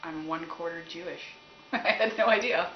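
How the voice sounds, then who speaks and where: Laughing frequently, this low-voiced woman from Canada chats casually while fielding fan questions as a musician. Her candid, rambling talk moves at a moderate pace, and the recording sounds roomy, dull and noisy.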